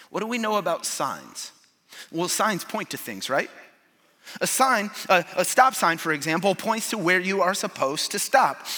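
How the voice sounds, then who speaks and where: A pastor delivers a sermon in a church with a bright, slightly high voice. He turns emphatic and then drops to a hush. Long reverb from a large hall trails his words. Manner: emphatic, swings from loud to hushed.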